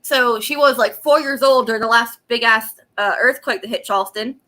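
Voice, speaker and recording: A woman's voice: on the high side, fairly even intonation, normal speed, bright, forceful tone. A young woman, ranting angrily and profanely on a casual laptop livestream at home, laughing often. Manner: angry profane rant with frequent laughs. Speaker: vlogger. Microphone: laptop webcam.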